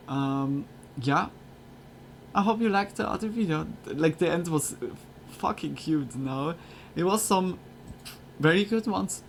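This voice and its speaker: Streamer dude, kinda high voice, rambly filler talk, usb mic with faint hiss. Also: male voice, vocal fry. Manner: chatty, filler-heavy, slightly broken English. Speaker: streamer reacting to videos. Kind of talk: casual reaction commentary. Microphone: USB desk microphone.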